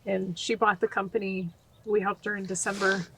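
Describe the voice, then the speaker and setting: Casting: middle-aged woman, earnest and animated podcast guest, some noise behind her. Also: medium pitch, normal speed, rough recording. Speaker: guest, nonprofit founder. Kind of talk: podcast interview.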